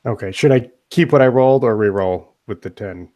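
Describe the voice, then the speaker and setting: A man's voice: mid-range voice, brisk, warm tone. A man playing in a tabletop game, tentative and a little nervous about his dice rolls. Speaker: player.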